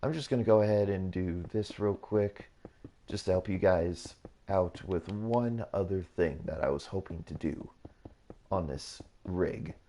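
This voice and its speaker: A man's voice: low-pitched, measured pace, warm tone, a little hiss or hum. A man hosting his gaming channel, talking through a build tutorial in a rambling, repetitive way, often correcting himself. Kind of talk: casual build tutorial commentary.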